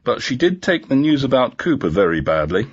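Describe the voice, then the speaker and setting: A man's voice: mid-range voice, sing-song, a little fast, breathy edge, no room sound, voice pushed up. A man voicing a dry-humored woman police inspector in a storybook reading, teasing and wry, on a dull lo-fi recording.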